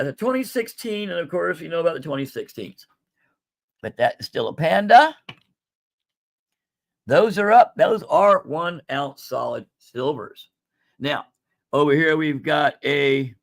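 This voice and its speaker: A man's voice: high voice, vocal fry, a bit bright. A man hosting a casual livestream sale of coins and jewelry, chatty and folksy, calling viewers "folks.". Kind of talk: casual live sales stream.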